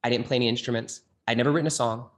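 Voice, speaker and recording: A man's voice: medium pitch, rapid-fire. A man from the Bay Area, a guest singer-songwriter, earnestly telling his life story in an interview. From California, Bay Area. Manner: earnest, animated retelling with acted quotes.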